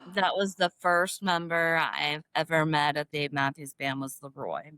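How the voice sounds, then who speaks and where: A middle-aged woman talks as a podcast guest in a lowish, dry-sounding voice. She tells her stories in a lively, emotional way, calling herself a crier, and acts out the lines of other people in a higher voice. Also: measured pace, smooth, no room sound. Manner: animated storyteller, acts out quoted dialogue in a higher voice; emotional, self-described crier. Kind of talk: casual storytelling interview.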